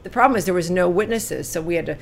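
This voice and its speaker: Her voice is on the low side and creaky, her pace quick, with slight background noise: a California woman in her sixties recounting her life as an interview guest. Earnest and animated overall, she turns quiet during painful memories.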